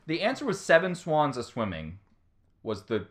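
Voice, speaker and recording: Male podcast host, animated storyteller, pitch swinging widely as he quotes people. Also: moderate pace. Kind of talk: casual chat.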